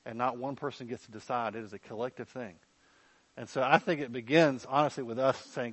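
A man's voice: medium pitch, fairly even intonation, brisk, husky, dry recording, poor audio. A man preaching as pastor, candid and conversational, often checking in with his listeners. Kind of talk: sermon.

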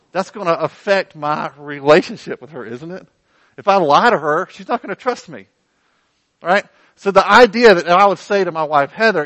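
Animated preaching man, slightly high voice. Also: no echo, low-quality recording. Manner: animated, conversational preaching with playful asides. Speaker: pastor. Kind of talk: sermon.

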